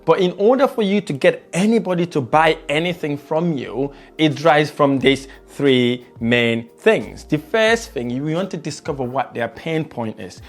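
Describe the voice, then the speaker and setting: A man teaching sales techniques as a trainer, shifting his pace and loudness to stress points and repeating words for emphasis. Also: on the high side, lively intonation, unhurried, few pauses. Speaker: sales trainer and property investor. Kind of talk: motivational sales lesson.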